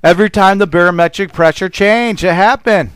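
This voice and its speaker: A man preaching a fervent sermon in a smooth, resonant voice that sits a little high. He rambles and calls out to his listeners. The sound is dry, with no room echo. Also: fairly quick, a bit bright. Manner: fervent, rambling, call-and-response exclamations. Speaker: pastor.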